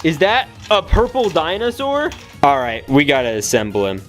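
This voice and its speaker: Excitable young man unboxing toys. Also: a little high, moderate pace. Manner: excitable, jokey, talks to toys and viewers. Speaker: toy unboxing YouTuber. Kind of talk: excited casual unboxing commentary. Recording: soft music bed under voice. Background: soft background music.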